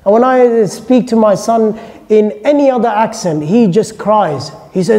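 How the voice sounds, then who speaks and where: A man's voice: high-pitched, moderate pace, dark tone. A man giving a casual, joking classroom lecture to listeners. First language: English. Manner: chatty, joking, informal asides. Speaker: Islamic lecturer. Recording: long hall reverb.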